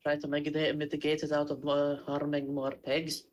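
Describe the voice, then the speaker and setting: A man's voice: fairly high pitch, monotone, moderate pace, muffled recording. A man playing a tabletop game, casually suggesting plans to the group. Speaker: player. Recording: faint background noise.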